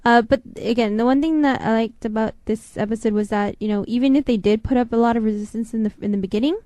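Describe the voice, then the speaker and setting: A woman's voice: on the high side, fairly even intonation, quick pace, dark tone, dry recording. A woman co-hosting a casual call-in talk show, rambling with frequent restarts and hesitations. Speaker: co-host. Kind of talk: casual chat.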